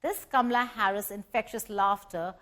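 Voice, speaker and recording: A woman's voice: mid-range voice, normal speed, very noisy. Woman news host narrating a feature. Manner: lively narration broken by laughter.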